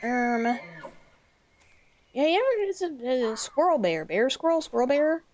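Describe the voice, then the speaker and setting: A woman's voice: high-pitched, measured pace, soft background music. A woman streaming a horror game, talking in a casual, rambling way with lots of fillers and the odd swear. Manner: rambling and excitable, swears freely. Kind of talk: casual gameplay commentary.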